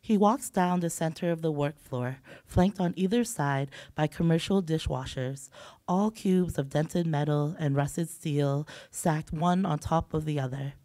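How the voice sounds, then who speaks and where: A woman with a low voice and a cold reads her novel in progress, hesitant and full of fillers whenever she leaves the page. Her voice is recorded close and dry. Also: unhurried, dark tone, dry recording. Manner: hesitant, filler-laden when speaking off the page. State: has a cold. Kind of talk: literary reading aloud. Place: event hall.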